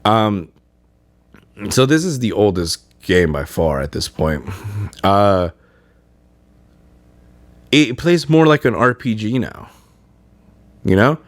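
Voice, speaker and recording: A man's voice: on the low side, very animated, takes it slowly, long pauses, dry recording. A man hosting a podcast in casual chat, rambling with many fillers and restarts. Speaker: podcast host.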